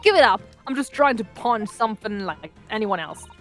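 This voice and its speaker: A woman's voice: fairly high pitch, animated, moderate pace, fairly bright tone, soft background music. A woman voicing a cheeky, defiant cockney street girl in a game read-along, talking brash and slangy. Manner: brash, dropped-h slangy talk.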